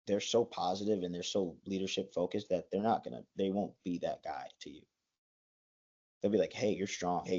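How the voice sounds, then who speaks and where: A man's voice: low voice, dark tone. A young man in his twenties, a college wrestler, chatting as a guest in a rambling way, full of likes and restarts. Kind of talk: casual interview. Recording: dull lo-fi sound.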